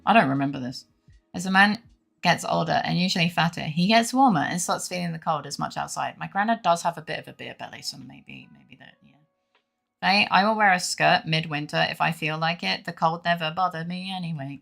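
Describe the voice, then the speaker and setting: A young woman with a low, gravelly voice chats loosely with her stream viewers, laughing and swearing as she goes. She sounds a bit feverish and worn, with faint music playing underneath. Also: a bit bright. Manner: laughs often, swears casually. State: feverish, unwell. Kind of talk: casual chat with stream viewers.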